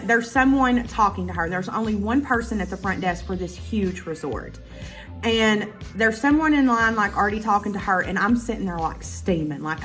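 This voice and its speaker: A woman telling a casual storytime to her viewers, animated and full of profanity. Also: medium pitch. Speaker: YouTuber.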